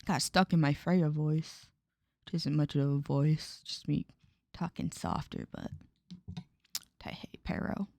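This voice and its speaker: A woman streaming a story game, chatting casually with a relaxed, quietly amused manner and casual swearing, into a close mic at home. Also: low-pitched, slow, vocal fry, pauses often, dry recording. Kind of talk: casual let's-play chat.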